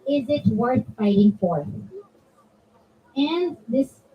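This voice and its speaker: High-voiced woman speaking to children. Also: animated, slow pace, a little hiss or hum. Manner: chatty, asks the kids questions and answers them. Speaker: zakira addressing a children's majlis. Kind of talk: conversational religious talk to children. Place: community center hall. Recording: distant, dull mic with faint room ambience.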